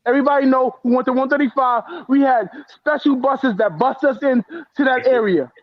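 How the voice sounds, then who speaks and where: A man with a strikingly high voice, telling his story bluntly and with heat as a guest on a talk show. The sound is dry and close, with a dull, lo-fi edge. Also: brisk, no room sound. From the Bronx, New York. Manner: blunt and profane, heated, emotional. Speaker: guest author. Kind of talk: casual interview storytelling.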